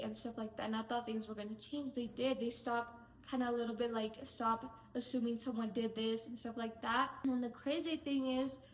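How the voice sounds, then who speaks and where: A young woman vlogger telling a storytime rant about her coworkers, exasperated and chatty, with lots of "like"s. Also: on the high side. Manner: exasperated, fast and chatty, many "like"s. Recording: echoey room.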